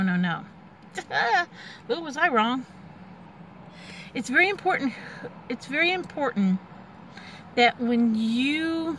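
A woman's voice: medium pitch, fairly bright tone, slight background noise. A woman in her forties telling a personal family story in a candid, rambling way, with many fillers and restarts. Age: 40s. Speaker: vlogger.

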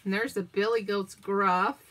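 A woman's voice: mid-range voice, steady tone, measured pace, a bit bright. An older woman hosting a crafting livestream, chatting in a meandering way while she cuts out pictures and reads a children's story aloud.

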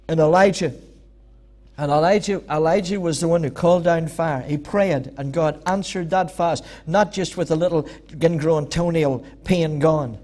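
A man preaching a church sermon, emphatic and repetitive, building to loud peaks. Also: a little high. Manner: emphatic, repeating phrases, rising to loud peaks. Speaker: pastor.

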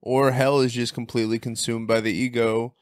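A man's voice: mid-range voice, little pitch movement, a little fast, no room sound, studio quality. A man in casual comedic podcast chat, earnest and rambling, often losing his thread.

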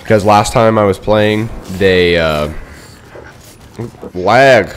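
A man's voice: lowish voice, extremely slow, long pauses, soft background music. A man hosting a casual gaming stream, joking and bantering with viewers and teammates. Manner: joking, bantering, playfully bossy. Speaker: streamer host.

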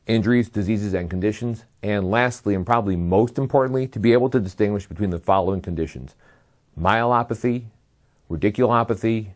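Man, medical lecturer, slide lecture, methodical term-by-term delivery, dry asides, fairly low pitch. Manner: methodical, listing terms one by one with brief dry asides.

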